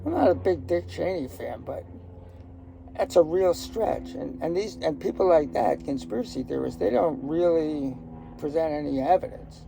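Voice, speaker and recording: An older man tells life stories in a loose, joking, opinionated ramble. His voice is heavily gravelly and dark in tone. Faint traffic hums in the outdoor background. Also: fairly high pitch, normal speed. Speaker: storyteller. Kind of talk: casual personal storytelling. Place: outdoors in a garden.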